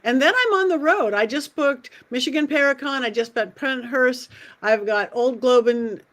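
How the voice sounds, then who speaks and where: A woman's voice: high-pitched, normal speed, a bit bright. A woman hosting a livestream panel, chatting through her upcoming events in a rambling way over a video call. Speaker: host. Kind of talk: casual livestream chat.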